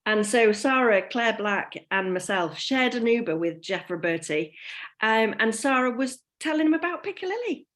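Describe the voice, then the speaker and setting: A woman's voice: on the high side, sing-song, moderate pace, a bit bright. A woman on a video training call, telling a story hesitantly with restarts and laughs. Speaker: team member on a training call.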